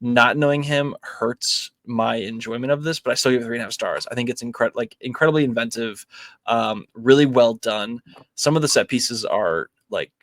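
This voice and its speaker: A man's voice: mid-range voice, normal speed, dry recording. A young man hosting a movie podcast, chatting casually with lots of ums and likes. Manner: relaxed, filler-heavy, many ums and likes. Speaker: podcast host. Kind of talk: casual movie review chat.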